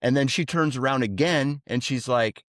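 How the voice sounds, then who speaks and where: A man's voice: mid-range voice, moderate pace, no echo, clean studio sound. A man co-hosting a podcast, telling stories casually and acting out what people said in a raised voice. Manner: animated, acts out quotes in a raised voice. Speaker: podcast co-host. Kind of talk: casual storytelling.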